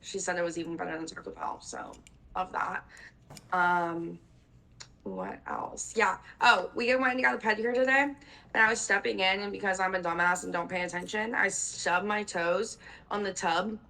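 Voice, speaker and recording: Rambling bright-voiced young woman. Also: fairly low pitch, moderate pace, creaky, poor audio. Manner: rambling storyteller, swears casually, lots of "like". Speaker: podcast co-host. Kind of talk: casual chat.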